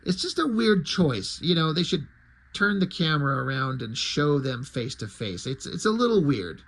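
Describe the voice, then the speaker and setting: A man's voice: a little high, sing-song, moderate pace, a bit bright. A man reviewing comics in a casual, wry way, with fillers and mild swearing. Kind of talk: casual chat.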